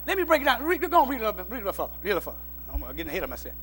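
A man preaching a sermon in plain folksy speech, dropping into low asides and then rising to shouted exhortation. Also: wildly swooping pitch, racing, a little hiss or hum. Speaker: pastor. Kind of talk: call-and-response sermon.

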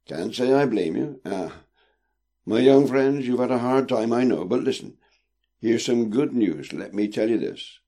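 A man's voice: mid-range voice, expressive, a little slow, dark tone, voice pushed up. A man voicing a jovial, portly old ship captain with a teasing, old-fashioned way of speaking. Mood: reassuring.

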